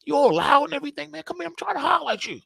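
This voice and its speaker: A man voicing a broke rapper who talks in a hushed, urgent way. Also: extremely high pitch, very animated, rapid-fire, gravelly, no room sound, studio quality, pitched above the performer's own voice, heavily acted.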